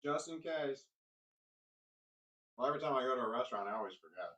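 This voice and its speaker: A man telling a personal story in a rambling, halting way, often restarting his sentences. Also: medium pitch, expressive, bright, forceful tone, recorded from a distance, poor audio.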